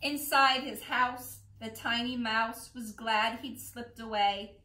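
A woman librarian reading picture books aloud at storytime, expressive and rhythmic. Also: fairly high pitch, slow pace, a little hiss or hum. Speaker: children's librarian. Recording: echoey room.

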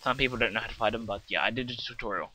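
A man's voice: mid-range voice, very fast, pushed and bright. A British man giving casual, rambling commentary on his game, chatting to viewers and joking at his own expense. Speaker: let's play gamer. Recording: slightly muffled with faint hiss.

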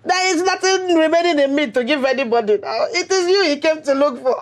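A woman's voice: high-pitched, animated, brisk. A laughing, teasing Nigerian mother. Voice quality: laughing, mocking. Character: teasing middle-aged village mother. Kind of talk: Nollywood film acting.

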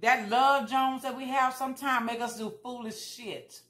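A woman's voice: a little high, fairly even intonation, moderate pace, a bit bright, echoey room. Chatty woman eating and talking. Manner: chatty, eats while talking, repeats herself for emphasis. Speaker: vlogger. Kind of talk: casual mukbang chat.

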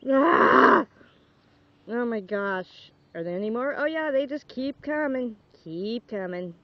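A young woman outdoors on a dog walk, filming with a handheld camera and talking off the cuff, grossed out and repeating her exclamations, sometimes shouting for her dog. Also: on the high side, expressive, slow pace. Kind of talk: unscripted phone-camera commentary. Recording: dull lo-fi home video with faint background noise.

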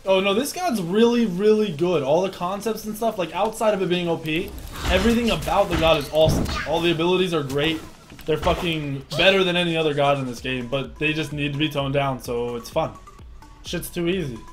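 A young man giving profane, excitable commentary on his own game match. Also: on the high side, brisk, soft background music. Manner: cocky, profane, excitable trash talk. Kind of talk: casual gameplay commentary.

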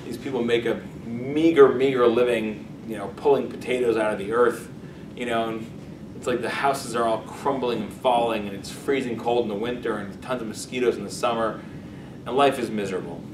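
A man who is a rabbi, telling a story in a casual, animated lesson. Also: medium pitch, a little fast. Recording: echoey room, distant mic, noisy.

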